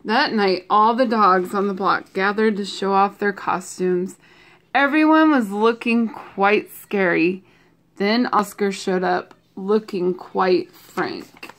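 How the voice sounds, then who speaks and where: A woman reads a picture book aloud in a gentle, expressive voice, stopping for playful asides. She takes her time, letting each line land slowly for young listeners. Her pitch sits comfortably in the middle. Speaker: storybook reader. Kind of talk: children's book read-aloud.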